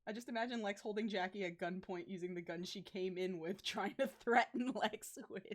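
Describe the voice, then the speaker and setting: A woman's voice: medium pitch, a little fast. A young woman streamer chatting casually on a stream, teasing and giggly. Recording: faint music behind.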